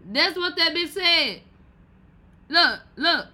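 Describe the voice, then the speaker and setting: A woman from Texas, hosting a podcast with animated, profane commentary and loud exclamations. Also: extremely high pitch, slow pace. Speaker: podcast host. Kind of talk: casual commentary.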